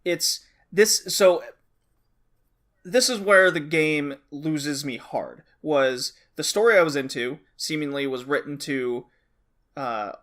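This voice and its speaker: A man's voice: fairly high pitch, takes it slowly, fairly bright tone. A man co-hosting a podcast, bluntly complaining and swearing in casual chat. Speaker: podcast co-host.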